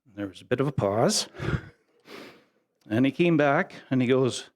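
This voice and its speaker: A middle-aged man giving a memorial speech, telling folksy, humorous stories in a casual, halting way. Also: mid-range voice, animated. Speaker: family member giving a eulogy.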